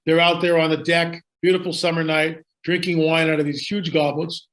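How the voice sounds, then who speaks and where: A man's voice: on the high side, little pitch movement, normal speed, fairly bright tone. A man telling a story in conversation, emphatic and dramatic, repeating lines for effect. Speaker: guest storyteller.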